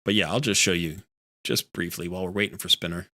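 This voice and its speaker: A man's voice: sits low, fairly even intonation, fast, sharp tone, no echo, clean studio sound. A man hosting a live game stream, chatting casually and rambling with lots of fillers. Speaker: streamer host.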